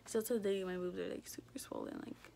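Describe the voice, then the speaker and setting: A young woman telling a personal story in a casual, rambling way, filling every pause with "like" and swearing freely. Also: lowish voice, fairly even intonation, creaky, warm tone, a little hiss or hum. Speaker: vlogger.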